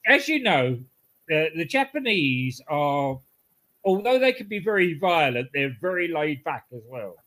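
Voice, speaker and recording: A man's voice: fairly high pitch, very animated, a little slow, pushed and bright. A man co-hosting a casual wrestling podcast, telling rambling anecdotes and chuckling at his own jokes. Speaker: podcast co-host.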